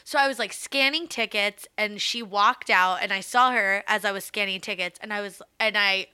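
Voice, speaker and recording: A woman co-hosting a podcast, chatting casually and telling an animated story full of "like". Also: medium pitch, moderate pace, clean tone. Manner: animated storyteller, lots of "like", acts out quotes. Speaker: podcast co-host. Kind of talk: casual chat.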